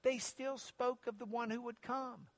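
A man teaching a Bible lesson as a sermon, earnest and rising in pitch when he quotes Scripture, closing in prayer. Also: steady tone, unhurried, dry recording.

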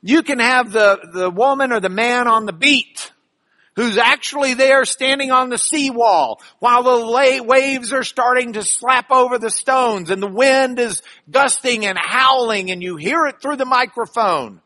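A man teaching a Bible class in an animated, emphatic lecture, often restarting his phrases. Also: very high voice, a little slow.

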